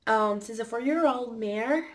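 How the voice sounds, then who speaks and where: A teenage girl vlogging on her phone, gushing and halting, repeating herself with excitement. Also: on the high side. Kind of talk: casual excited vlog.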